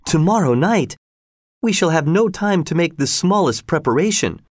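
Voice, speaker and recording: An anxious, devoted young daughter from a storybook, her voice pushed high and urgent, as a male reader puts her on. The sound is dry and close, with no room around it. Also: lively intonation, normal speed, dry recording. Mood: alarmed. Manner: raised pitch, urgent exclamations. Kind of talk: storybook reading.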